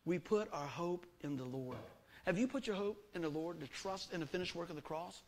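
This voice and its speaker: A man's voice: on the high side, fairly quick. A middle-aged man preaching a sermon, folksy and emphatic, full of rhetorical questions to the congregation. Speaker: pastor.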